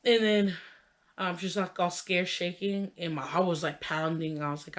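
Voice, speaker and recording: A woman's voice: on the low side, moderate pace, fairly bright tone. Chatty young woman telling a story. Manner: chatty, heavy use of "like" and "you know" fillers; laughs while telling the story. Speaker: vlogger. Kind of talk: casual storytelling.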